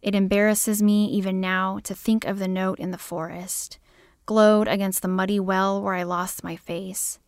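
A woman's voice: mid-range voice, level tone, moderate pace, dry recording. Woman reading her poems, dry studio. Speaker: poet. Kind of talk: poetry reading.

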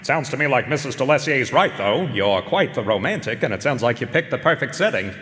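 A man playing a calm private investigator. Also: mid-range voice, big-room sound, lightly acted. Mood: matter-of-fact. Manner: measured, matter-of-fact. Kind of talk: radio drama acting.

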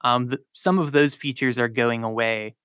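A man's voice: mid-range voice, fairly even intonation, moderate pace, a bit bright, clear, resonant tone, no echo. A man, a linguistics professor, explaining his research on a radio interview with frequent ums and likes.

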